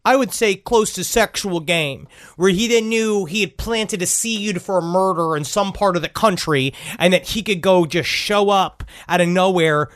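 A man's voice: sits high, normal speed, hardly any pauses, a bit bright, no echo, clean studio sound. A man co-hosting a podcast, chatting casually with loose, profane jokes and anecdotes. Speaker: podcast co-host. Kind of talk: casual chat.

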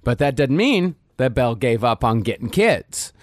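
A man's voice: medium pitch, big pitch swings, moderate pace, dry recording, studio quality. A man hosting a podcast, reading a scripted true-crime narration with wry asides. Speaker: podcast host narrating a case.

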